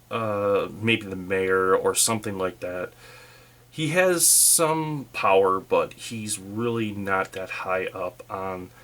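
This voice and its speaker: Slow, low-voiced man narrating a solo game. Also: fairly bright tone. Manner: thinking aloud, unhurried, with fillers. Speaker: solo tabletop RPG player and narrator.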